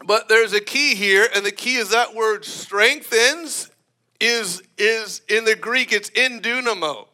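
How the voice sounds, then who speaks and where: Very high-voiced bright male preacher. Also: slow. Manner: animated, emphatic, often laughing. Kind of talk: sermon.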